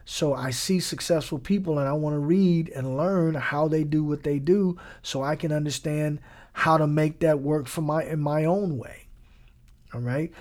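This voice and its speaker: A man's voice: fairly high pitch, a little mellow. A man delivering a conversational sermon, casual and emphatic, repeating lines for effect and mixing in slang. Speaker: preacher.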